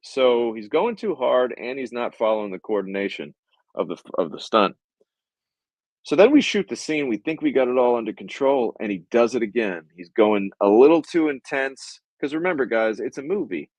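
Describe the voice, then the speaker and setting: A filmmaker hosting a podcast casually tells a behind-the-scenes story in a medium-pitched voice, recorded roughly with no echo. He's animated and profane, swearing plenty and acting out the quotes.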